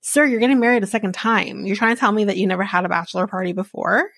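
A woman's voice: medium pitch, fairly even intonation, fast, gravelly, a bit bright, no echo. A woman podcast host giving a casual, blunt and sarcastic recap of a reality show, swearing freely. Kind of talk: casual commentary.

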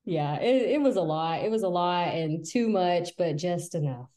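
A woman's voice: lowish voice, expressive, warm tone. A young woman co-hosting a podcast, chatting casually about a reality show and chiming in often. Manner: chatty, quick agreeing interjections. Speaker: podcast co-host. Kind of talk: casual reality TV recap chat.

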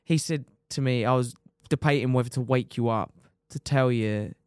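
Young racer telling a crash story. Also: male voice, medium pitch, normal speed, clean tone, dry recording, studio quality. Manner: animated storyteller, swears freely, says "mate" often. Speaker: podcast guest, motorcycle racer. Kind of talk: casual storytelling chat.

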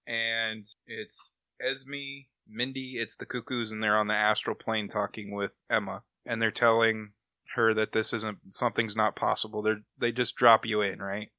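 A man's voice: fairly low pitch, level tone, normal speed, bright, forceful tone, dry recording. A man hosting a comic book podcast, casually retelling plots in a rambling, enthusiastic way. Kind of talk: casual chat, recapping comics.

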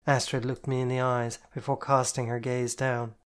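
A man reading a novel aloud in the first person, in a plain, steady storytelling voice. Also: medium pitch, moderate pace, clear, resonant tone. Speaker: audiobook narrator.

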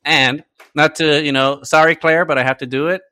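A man's voice: fairly high pitch, steady tone, moderate pace, sharp tone, dry recording. A man co-hosting a podcast in casual chat, enthusiastic and swearing freely. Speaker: podcast co-host. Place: lives in Chicago.

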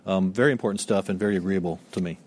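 A man's voice: low voice, racing, darkish tone, husky. A man moderating a panel, briefly introducing the next speaker.

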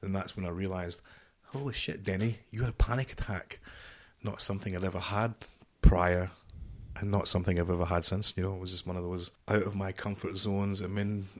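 A middle-aged man, a podcast guest, telling a story in an animated, swearing way and acting out the dialogue. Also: sits low, fairly quick. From United Kingdom.

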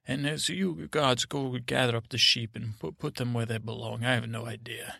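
A man hosting a sleep podcast, telling a meandering improvised bedtime story full of restarts and fillers, now and then slipping into soft voices for the people in it. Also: mid-range voice, steady tone, moderate pace, gravelly, hardly any pauses, dry recording, studio quality.

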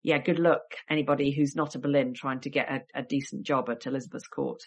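A woman's voice: a bass voice, steady tone, quick pace, gravelly, slightly rough. A woman historian with a cold, telling stories in a chatty podcast interview with wry asides. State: has a cold. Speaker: guest historian and author.

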